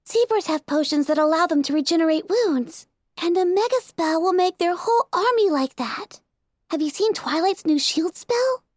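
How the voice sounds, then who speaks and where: A woman voicing a timid, gentle young female pegasus pony who speaks in a meek, hesitant way. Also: very high voice, lively intonation, moderate pace, dry recording, studio quality, voice pushed up. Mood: resolute.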